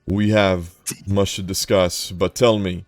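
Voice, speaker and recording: A man voicing an ancient, stern male unicorn who speaks slowly and solemnly in a tabletop game. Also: low voice, level tone, no echo, soft background music. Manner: slow, solemn, measured. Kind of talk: tabletop game role-play.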